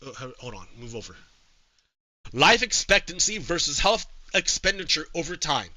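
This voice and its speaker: A male streamer giving casual political commentary to his live chat, halting with frequent repeats and restarts. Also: on the high side, very animated, sharp tone, dry recording, rough recording.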